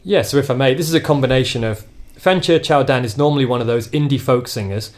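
A man's voice: medium pitch, fast talker. A man hosting a podcast, chatting casually about local gigs in a rambling, self-deprecating way. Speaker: podcast host.

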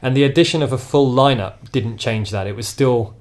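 A man's voice: mid-range voice, a little fast. A man hosting a podcast, chatting casually about local gigs in a rambling, self-deprecating way. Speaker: podcast host.

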